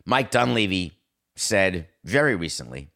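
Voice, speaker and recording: Animated sarcastic sports talk man. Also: low voice, unhurried. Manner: animated, sarcastic, mocking voices and singing. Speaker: podcast host.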